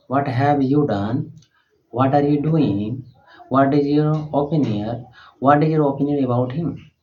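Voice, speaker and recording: A man's voice: mid-range voice, a little mellow, slight background noise. A man teaching English by reading short example questions and phrases aloud, one at a time. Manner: slow, deliberate drilling of short sentences. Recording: dull lo-fi sound.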